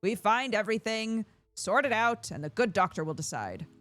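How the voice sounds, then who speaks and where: A woman's voice: medium pitch, lively intonation, normal speed, a bit bright, no room sound, pitched above the performer's own voice, close to an everyday voice. A woman voicing a folksy male water carrier, reading game dialogue aloud in a homely, reassuring way.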